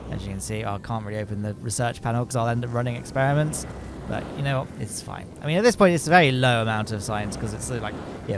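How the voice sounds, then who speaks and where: A man in his thirties giving casual, wry let's-play commentary, explaining as he plays. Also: mid-range voice. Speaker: gaming YouTuber.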